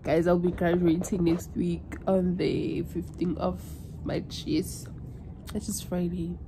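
A woman's voice: on the low side, level tone, slow, background noise. A South African woman in her twenties chatting casually in a vlog, emotional and switching languages mid-sentence. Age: 20s. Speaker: vlogger.

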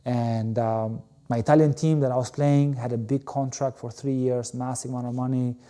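A middle-aged man from Albania, a former Olympic volleyball player, telling his story in an interview, animated and full of fillers like "you know.". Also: mid-range voice, normal speed.

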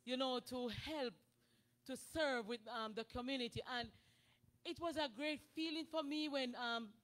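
High-voiced woman giving fervent testimony. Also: normal speed, fairly bright tone. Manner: earnest, fervent, calls to worship. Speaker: church member giving testimony. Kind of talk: heartfelt church testimony. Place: church sanctuary.

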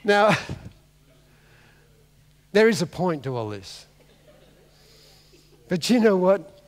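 High-voiced pastor, animated storytelling. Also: male voice, takes it slowly. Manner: animated comic storytelling, acting out characters. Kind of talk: sermon. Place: large church hall. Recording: long hall reverb.

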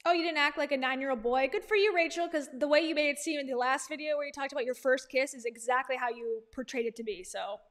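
A woman with a notably high voice talks through a reaction commentary in a loose, chatty way. She leans sarcastic and drops laughing asides between points. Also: quick pace, hardly any pauses, a bit bright. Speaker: commentary host.

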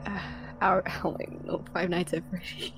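A woman's voice: fairly low pitch, little pitch movement, moderate pace, vocal fry, faint music behind, poor audio. A woman playing a ghost-hunting game with a friend, giggling and teasing in casual banter. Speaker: game streamer.

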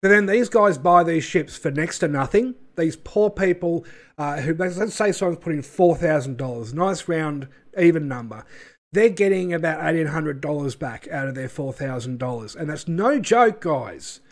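A man's voice: on the high side, animated, moderate pace. A man hosting his channel, ranting in a sarcastic, scornful way with many fillers and asides. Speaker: channel host. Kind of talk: ranting commentary video.

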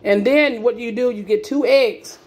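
A woman's voice: fairly high pitch, normal speed. Woman, cooking video host, casual demonstration, repetitive friendly asides, home kitchen, faint background noise. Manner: chatty, repeats herself, lots of "okay?" asides.

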